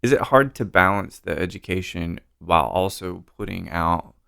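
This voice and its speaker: Low gravelly podcast host, dry sound. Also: male voice, moderate pace, bright, forceful tone, no echo. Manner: chatty, encouraging interviewer. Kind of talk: casual podcast interview.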